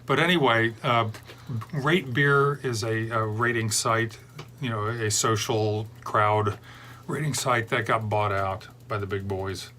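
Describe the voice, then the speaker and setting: A man's voice: fairly low pitch, fairly even intonation, takes it slowly, sharp tone, slight background noise. A middle-aged man hosting a beer review show, chatting casually and drifting off into long digressions. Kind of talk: rambling casual chat.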